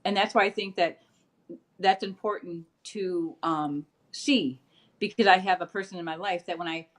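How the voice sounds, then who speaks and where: A middle-aged woman co-hosting a casual panel chat, talking things through and acting out quotes in a raised voice. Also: normal speed. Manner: animated, acts out quotes in a high voice. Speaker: co-host.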